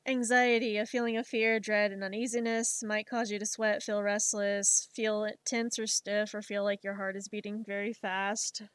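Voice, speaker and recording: A woman streamer chatting casually while she makes art, swearing freely and retelling things in an animated, emotional way. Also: mid-range voice, moderate pace, few pauses, clean tone, no echo. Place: home streaming setup.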